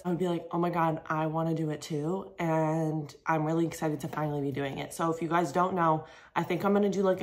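A young woman chatting casually to her vlog camera at home, rambling with lots of fillers, her voice a little groggy from just waking up. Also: low voice. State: morning voice, a bit low and groggy. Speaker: vlogger. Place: home kitchen, coffee machine running.

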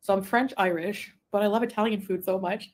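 A woman from Quebec chatting casually on a live stream, reading viewer comments, rambling and giggling, sometimes trailing off into a soft mumble. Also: mid-range voice, fairly even intonation, fairly quick. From Quebec, Canada. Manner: rambling, easily distracted, giggly asides. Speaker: livestreamer.

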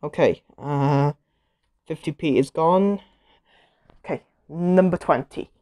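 Playing a game show video game, a woman offers casual commentary, reacting loudly to every result and getting irritated easily. Her voice sits low and she speaks slowly.

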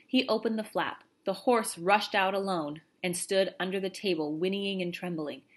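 A woman reading a children's novel aloud in a steady storytelling voice. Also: medium pitch, normal speed. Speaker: reader.

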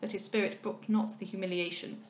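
A woman voicing a courteous, formal gentleman from a period novel, measured and polite. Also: mid-range voice, steady tone, muffled recording, natural voice. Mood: earnest. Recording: roomy echo.

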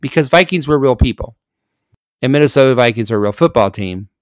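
A man's voice: mid-range voice, expressive, brisk, no room sound. A man hosting a casual sports podcast, joking around and hamming up bits. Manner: jokey, playful, hammy bits. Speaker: podcast host.

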